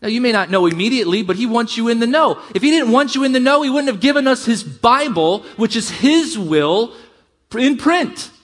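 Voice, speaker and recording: High-voiced man preaching a sermon. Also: expressive, a bit bright. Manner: conversational preaching, rising emphasis, quick asides. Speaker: pastor.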